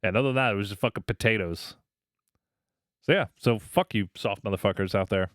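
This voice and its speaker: A man's voice: fairly low pitch, brisk, no echo, clean studio sound. A man co-hosting a podcast, chatting casually and ranting with heavy swearing and mocking quoted voices. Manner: profane, animated rants with mocking put-on quotes. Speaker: podcast co-host. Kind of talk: casual chat.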